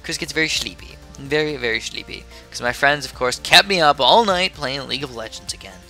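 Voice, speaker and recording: Young man, sleepy gameplay commentator, rambling and chatty, bright tone. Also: mid-range voice, a little fast, soft background music. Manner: rambling, chatty, drifts off topic. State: sleepy, yawning.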